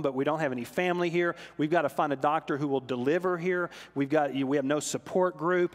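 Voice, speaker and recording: A man preaching from the pulpit in a church sanctuary, his voice sitting fairly high. He tells stories animatedly, climbing for emphasis and dropping soft for solemn moments. A long hall reverb trails behind his words. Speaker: pastor. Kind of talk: sermon storytelling.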